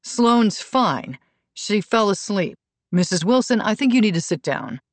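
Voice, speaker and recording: A woman narrating an audiobook voices a smooth, controlling male personal trainer who talks calmly and patronizingly. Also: mid-range voice, a little slow, no echo, pitched above the performer's own voice, close to an everyday voice. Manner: calm, soothing, condescending.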